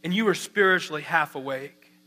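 A man's voice: on the high side, fairly quick, pushed and bright. A man preaching a sermon with passion, asking repeated rhetorical questions. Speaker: pastor.

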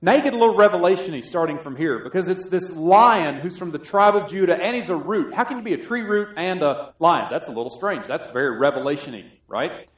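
A man from South Carolina preaching a sermon, joking and swinging between loud and soft. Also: high voice, lively intonation, brisk, few pauses. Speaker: pastor. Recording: echoey room.

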